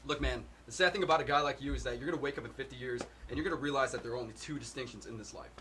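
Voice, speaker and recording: A man reciting a film monologue as a sharp young working-class man who quietly and condescendingly takes a grad student apart. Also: mid-range voice, rapid-fire, a little hiss or hum, close to an everyday voice. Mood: cutting. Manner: quiet, cutting, condescending put-down.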